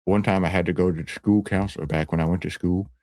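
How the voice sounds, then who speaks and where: A man's voice: low voice, steady tone, fast talker, dark tone, dry recording, studio quality, voice pushed down, close to an everyday voice. A man playing a brash, boastful stock-hype guru who talks in swaggering slang and rambles. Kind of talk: comedic character skit.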